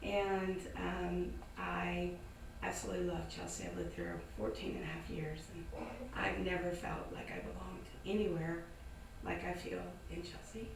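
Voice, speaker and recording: A Southern American woman with a fairly low, creaky voice tells a story casually to a live audience at a moderate pace, barely pausing. She's animated and acts out the voices of the people in it. The indoor event space sounds echoey, with a distant mic and some noise.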